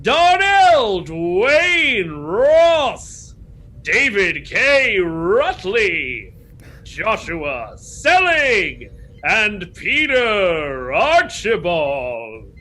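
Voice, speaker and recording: A man putting on a grand, slow radio announcer voice to read out names. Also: high-pitched, wildly swooping pitch, pushed and bright, voice pushed up, heavily acted. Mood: grandiose. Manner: slow, drawn-out, emphatic delivery. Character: booming male radio announcer.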